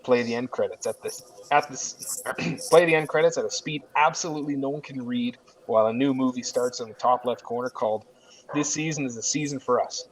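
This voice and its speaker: A man's voice: mid-range voice, a little fast, low-quality recording. A man hosting a podcast, reading a script aloud and chatting casually, with laid-back, freely swearing talk. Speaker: podcast host.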